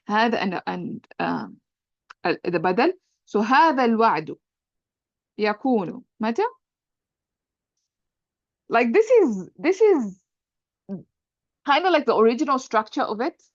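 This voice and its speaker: A woman's voice: a little high, no room sound. Woman teaching grammar in a dry lo-fi recording. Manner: patient, repeats points, checks understanding with "right?". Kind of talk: explanatory lesson.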